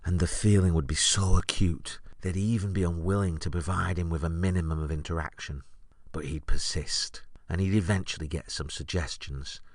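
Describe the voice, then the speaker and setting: Wry deep-voiced man telling a story. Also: moderate pace, dry recording, clean studio sound. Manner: wry, deadpan recollection. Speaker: podcast host. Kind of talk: comic storytelling monologue.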